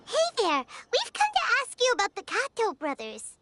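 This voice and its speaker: A woman's voice: very high-pitched, huge pitch swings, moderate pace, noisy background, exaggerated voice. A woman voicing a small, chirpy fairy companion in a video game, asking eager questions. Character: tiny high-voiced fairy companion guide. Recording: game audio with soft music behind.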